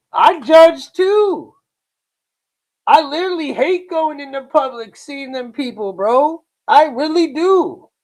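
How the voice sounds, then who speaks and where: Slow-talking, blunt man streaming. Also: very high-pitched. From Lakewood, Ohio, US. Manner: boastful, blunt, swearing, with slang like "bro" and "dude"; slow, drawn-out talk with frequent repeats and restarts. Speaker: live-stream host. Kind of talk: casual live reaction stream.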